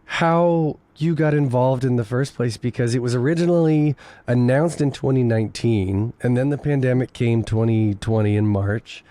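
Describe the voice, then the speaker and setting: Podcast host guy asking chatty questions, mellow voice, dry close sound. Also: mid-range voice, normal speed, no echo. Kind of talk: interview questions.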